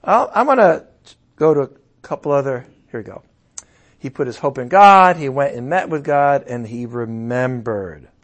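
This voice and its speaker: A middle-aged man preaching as a pastor in a conversational way, breaking into loud emphatic bursts. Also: mid-range voice, animated, normal speed. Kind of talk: sermon.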